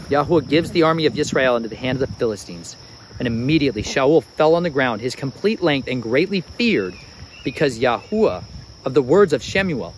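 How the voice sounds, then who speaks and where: A man's voice: a little high, background noise. A man reading and explaining Bible passages to his family in a casual way. He keeps stopping to chat with his children. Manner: animated, chatty, breaks off to talk to his children. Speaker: father teaching scripture.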